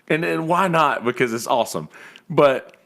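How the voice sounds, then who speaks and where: A man with a mid-range voice, hosting a relaxed podcast. He is easygoing and quick to make fun of himself. His sentences often stumble and restart. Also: mid-range voice, gravelly. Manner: easygoing and self-deprecating, stumbling over his words. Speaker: podcast host, gigging musician. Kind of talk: casual chat.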